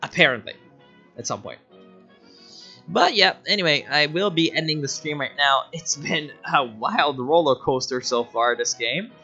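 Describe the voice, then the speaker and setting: A man giving casual, profane, excitable commentary while livestreaming a strategy game, often laughing. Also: on the high side, moderate pace. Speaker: streamer. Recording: dull lo-fi mic with faint music.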